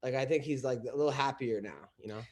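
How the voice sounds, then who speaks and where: Speaking fast at a medium pitch, a male comedian guest rambles through stories in relaxed podcast conversation. He fills his telling with fillers and keeps starting over.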